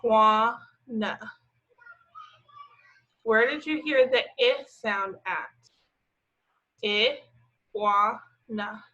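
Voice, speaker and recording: A woman teaching a remote phonics lesson to young children, stretching out each word slowly as she sounds it. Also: fairly high pitch, lively intonation, a bit bright. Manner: slow, drawn-out sounding of words. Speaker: preschool teacher. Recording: slightly dull lo-fi audio.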